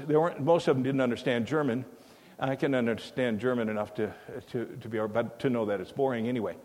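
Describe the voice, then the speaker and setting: A man's voice: mid-range voice, a little mellow. An older man telling a rambling story in a sermon, full of fillers and restarts, recorded in a church. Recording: long hall reverb.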